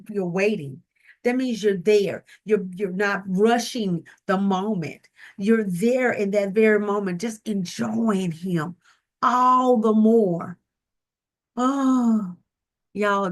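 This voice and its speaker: A woman with a Southern US accent giving a slow, emotive devotional talk about a hymn, often calling out to her listeners. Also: mid-range voice. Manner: slow, tender, emotive delivery addressing listeners as y'all. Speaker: ministry speaker and recording artist.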